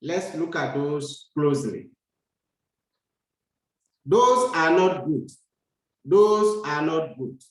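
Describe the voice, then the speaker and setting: Male grammar teacher, unhurried and repetitive, raised pitch, strong room echo. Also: animated. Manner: slow, deliberate, repeats sentences for learners. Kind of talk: slow grammar lesson. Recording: echoey room.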